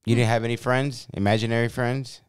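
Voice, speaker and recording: A man's voice: mid-range voice, flat delivery, a little fast, smooth, dry recording, studio quality. A man hosting a podcast, talking in a laid-back, rambling way with many fillers. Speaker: podcast host. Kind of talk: casual chat.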